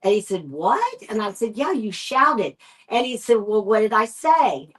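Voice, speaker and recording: A woman with a Texan accent, a paranormal investigator, telling a story in a podcast interview and acting out the quoted dialogue in an animated way. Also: mid-range voice, a little slow, poor audio. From United States.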